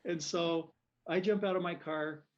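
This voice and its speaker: A man telling a story in a casual interview, animated and quick to laugh. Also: on the high side, muffled recording. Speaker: physician guest.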